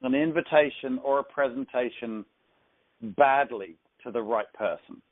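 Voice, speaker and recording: A man's voice: medium pitch, normal speed. A man coaching a caller on a call, explaining in a reassuring way and often repeating himself. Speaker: sales coach. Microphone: phone. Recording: tinny phone line.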